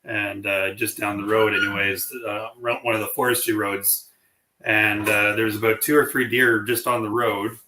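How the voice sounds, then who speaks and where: A man telling a relaxed story in casual chat, pausing often with "uh". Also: lowish voice. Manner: relaxed, halting, with many "uh"s. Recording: roomy echo.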